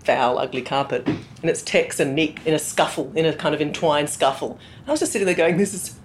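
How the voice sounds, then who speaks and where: A woman, presenting and casually telling an animated, sweary story. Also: sits low, fairly quick, slight background noise. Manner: animated, swears casually, quotes people in voices. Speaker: radio presenter.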